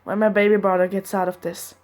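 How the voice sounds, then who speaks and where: A woman reading a gentle older brother. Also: mid-range voice, flat delivery, a little fast, natural voice. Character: kind young man, gentle older brother.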